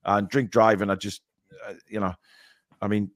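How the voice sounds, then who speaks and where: This co-host of a football fan show has a lowish voice and a level tone at normal speed, captured dry in studio quality. Chatting casually on a live stream, he comes across as sore and somewhat shaken, stumbling through ums and repeating himself.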